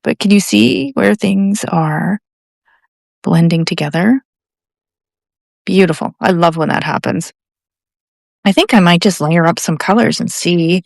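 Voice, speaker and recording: A woman's voice: fairly low pitch, gravelly, a little mellow, dry recording, studio quality. A middle-aged Canadian woman giving a real-time painting lesson, chatting and thinking aloud with enthusiasm. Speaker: art tutor.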